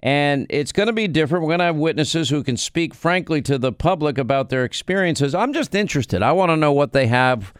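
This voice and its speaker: A man's voice: fairly high pitch, animated, fairly quick, few pauses, clear, resonant tone, dry recording, clean studio sound. An American man hosting a talk radio show, delivering an emphatic, conversational monologue with frequent restarts. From United States.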